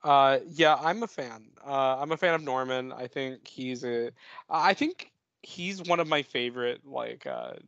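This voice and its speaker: A man's voice: medium pitch, unhurried, gravelly, fairly bright tone, no room sound, dull audio. A young man co-hosting a podcast, thinking aloud with hesitant restarts and fillers. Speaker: podcast co-host. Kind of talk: casual chat.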